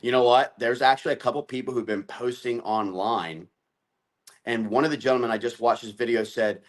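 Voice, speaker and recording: A man's voice: medium pitch, fairly quick. A man speaking as a guest on a political talk show, listing his points in long assertive runs.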